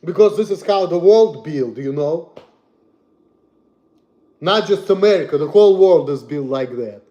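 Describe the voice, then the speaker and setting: A young man from Russia with a Russian accent, ranting bluntly and profanely on a livestream, repeating himself and swinging between loud and soft. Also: fairly high pitch, animated, measured pace, lo-fi sound. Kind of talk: casual rant to stream.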